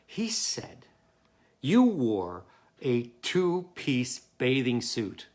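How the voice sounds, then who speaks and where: Man reading earnest, stuffy young college guy, jealous, scolds in loud spurts. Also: mid-range voice. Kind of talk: staged play reading. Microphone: home mic.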